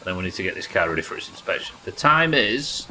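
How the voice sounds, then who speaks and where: A man's voice: low voice, very animated, fast, sharp tone, rough recording. A man streaming a game live, chatting, joking and reading out viewer comments. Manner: chatty, reads chat aloud, jokey. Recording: game music behind.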